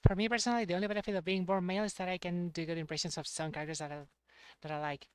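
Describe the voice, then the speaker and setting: A young man streaming a game, chatting casually in a halting way and repeating words. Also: high-pitched, flat delivery, smooth, no echo. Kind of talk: casual chat while playing a game.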